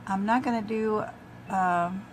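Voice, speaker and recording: An older woman chats casually to her viewers while applying makeup in a tutorial, her mid-range voice moving at a slow pace. Now and then she coughs from a tickle in her throat, and there's slight background noise.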